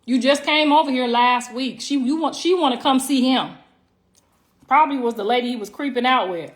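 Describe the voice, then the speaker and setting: Brash, high-voiced woman on a livestream. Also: a little fast. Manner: brash, profane and teasing, talking straight to viewers. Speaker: livestream host. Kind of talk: casual livestream chat. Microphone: phone livestream.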